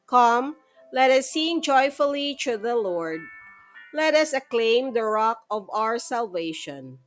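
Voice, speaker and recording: Slow, reverent woman reading scripture. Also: fairly high pitch. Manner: calm, measured, reverent. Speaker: scripture reader. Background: soft instrumental music.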